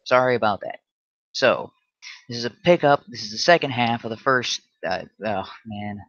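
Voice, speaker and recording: A man's voice: medium pitch, normal speed, a bit bright, no room sound, muffled recording. Combative man ranting on a livestream. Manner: combative, stammering restarts. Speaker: livestream host. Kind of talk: solo livestream rant.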